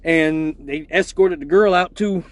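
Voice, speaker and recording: High-voiced man telling a wild story. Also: a little slow. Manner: loose, profane, laughing, with many repeats. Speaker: exotic dancer hosting a weekly live show. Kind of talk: casual storytelling on a livestream.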